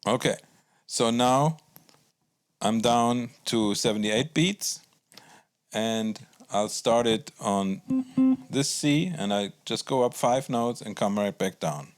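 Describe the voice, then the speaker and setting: A man teaching a guitar lesson in a calm, explanatory way, counting beats aloud as he plays. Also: mid-range voice, slow. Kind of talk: instructional music lesson.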